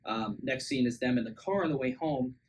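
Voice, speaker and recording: A man's voice: medium pitch, a little fast, far from the mic, low-quality recording. A man co-hosting a casual movie review podcast, recapping scenes and mocking the characters in exaggerated voices. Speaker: podcast co-host. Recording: faint background noise.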